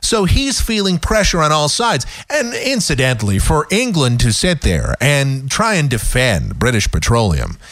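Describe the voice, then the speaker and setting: A man's voice: mid-range voice, wildly swooping pitch, moderate pace, hardly any pauses, a bit bright, dry recording, studio quality. A man hosting a talk radio show, ranting sarcastically in an opinionated monologue. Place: radio studio.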